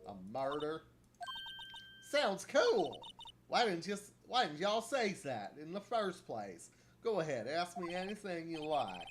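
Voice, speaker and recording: A man voicing a feisty Southern country woman photographer in a put-on Southern drawl, loud and sassy. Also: a little high, sing-song, measured pace, over music, voice pushed up. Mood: eager. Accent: put-on American Southern drawl.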